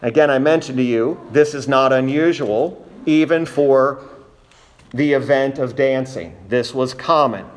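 A man's voice: mid-range voice, unhurried. A man preaching an expository sermon, reading scripture and speaking earnestly and emphatically to his congregation.

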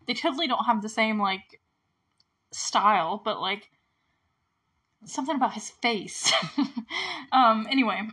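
A woman's voice: fairly high pitch, a little slow, long pauses, bright, forceful tone, breathy edge. A woman casually recapping a movie, chatty and giggly, full of filler words and acting out the characters' lines.

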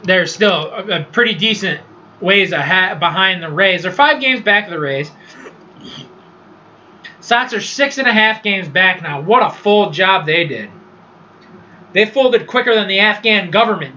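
A man's voice: high-pitched, expressive, measured pace, sharp tone. A man hosting a casual solo sports podcast, rambling and swearing through his picks and opinions. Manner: profane, rambling sports rant. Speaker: podcast host. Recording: dull lo-fi recording.

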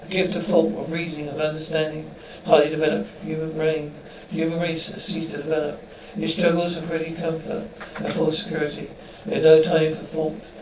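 A detached, hyper-evolved man, as an actor plays him in an old TV drama, his fairly high voice held flat and level. He lectures calmly from some distance off. The soundtrack sounds dull and roomy, with a faint hiss behind it. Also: brisk, hardly any pauses, close to an everyday voice. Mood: contemptuous. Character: coldly superior, hyper-evolved man, aloof and calm.

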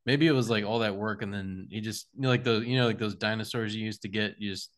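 A young man co-hosting a casual movie podcast, rambling with many fillers and getting animated when he jokes. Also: lowish voice, quick pace. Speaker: podcast co-host. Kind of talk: casual movie review chat.

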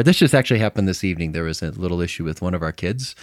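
A man in his thirties with a very deep voice speaks warmly and earnestly, laughing easily as he talks. The recording is dry and close. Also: fast, few pauses, no room sound. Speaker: podcast co-host. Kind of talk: casual conversation about marriage and faith.

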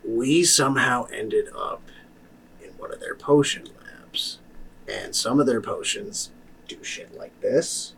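A man's voice: fairly low pitch, a bit bright. A man in a tabletop game, speaking as a player in a plain, matter-of-fact way. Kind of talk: casual play talk. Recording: faint background noise, far from the mic.

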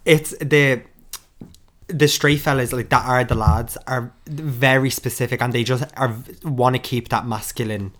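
A man, co-hosting a podcast in quick, joking banter. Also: mid-range voice, fairly even intonation, a bit bright. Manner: chatty, quick interjections and banter. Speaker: podcast co-host. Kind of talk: casual chat.

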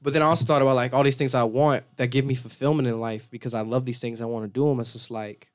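A man's voice: medium pitch, steady tone, quick pace. A young man hosting a podcast, chatting casually in a rambling, laid-back way with casual swearing. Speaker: podcast host. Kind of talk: casual chat.

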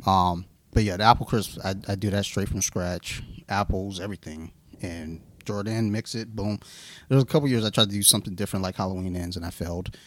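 Low-voiced man telling a story. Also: a little fast, no echo. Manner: animated storyteller, swears freely. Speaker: podcast host. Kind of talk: casual podcast chat.

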